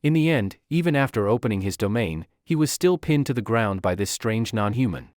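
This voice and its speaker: A man narrating a scripted story recap in a brisk storytelling way. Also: lowish voice, animated, a little mellow, no room sound, studio quality.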